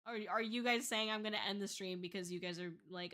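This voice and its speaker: A woman's voice: mid-range voice, fairly even intonation, fast talker, pushed and bright. A young woman chatting on a livestream as a VTuber, laughing often and swearing casually. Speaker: VTuber streamer.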